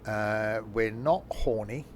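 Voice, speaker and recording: A hoarse man chatting casually as he streams a train game, rambling with plenty of fillers and self-corrections. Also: lowish voice, slow pace, a little hiss or hum. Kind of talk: casual live-stream commentary.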